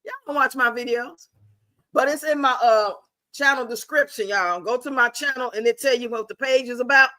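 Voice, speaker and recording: A woman's voice: on the high side, normal speed, pushed and bright, dry recording. A woman hosting a casual livestream, blunt and profane, chatting and reading out viewer comments. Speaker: livestream host.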